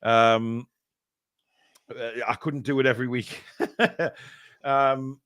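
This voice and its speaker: A man's voice: mid-range voice, steady tone, extremely slow, fairly bright tone, smooth, highs cut off. A man hosting a fan live stream. He reads out donations in casual, joking chat full of fillers. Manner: rambling, joking, many fillers.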